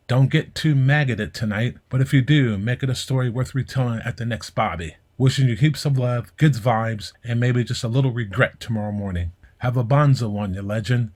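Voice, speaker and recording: A jokey stage-Australian larrikin, as a man puts him on for a recorded birthday message. The accent is laid on thick and full of slang, the delivery hammy and matey. It sits at an everyday pitch. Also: darkish tone, natural voice. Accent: mock Australian. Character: man doing a jokey overdone Aussie bloke.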